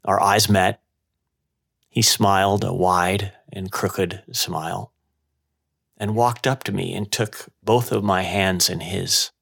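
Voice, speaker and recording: A man hosting a podcast, narrating a personal story in a slow, measured way. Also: low-pitched, fairly even intonation, gravelly, fairly bright tone, husky. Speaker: podcast host.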